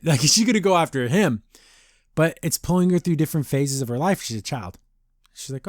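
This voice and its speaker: A man's voice: fairly high pitch, lively intonation, no room sound, studio quality. A man hosting a podcast, giving a casual, rambling recap of a cartoon episode with lots of restarts and fillers. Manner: rambling, loose retelling with frequent restarts and fillers; slips into quick paraphrased character voices.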